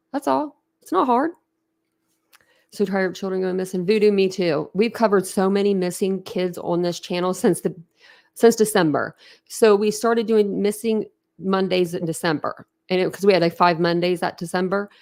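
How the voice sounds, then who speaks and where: A woman's voice: on the low side, gravelly, a little mellow. A young woman hosting a true crime channel who chats casually with her livestream viewers. She is emotional and talkative, laughs often, and trails off and restarts her sentences. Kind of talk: casual livestream chat, reacting to viewer comments.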